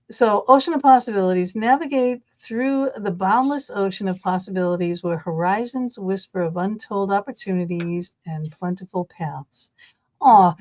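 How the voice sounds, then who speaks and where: A woman doing a casual oracle card reading, warm in her words and encouraging. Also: lowish voice, no room sound. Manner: gushing, encouraging. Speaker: card reader.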